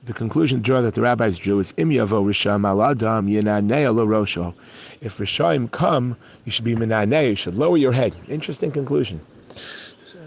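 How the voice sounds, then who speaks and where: A man's voice: medium pitch, creaky, a little hiss or hum, rough recording. A man, a rabbi, teaching a daily Talmud class in a conversational, storytelling manner. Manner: conversational, storytelling, with fillers and restarts.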